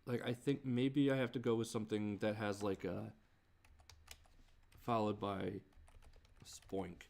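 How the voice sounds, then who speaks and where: A man mutters to himself as he works through a song, slow and a little low. His voice has a gravelly fry, and his phrases stop and restart in frustrated groans. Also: steady tone, a little mellow. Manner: halting, muttering, frequent restarts and self-directed groans. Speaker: creator working on a song. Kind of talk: thinking aloud while composing.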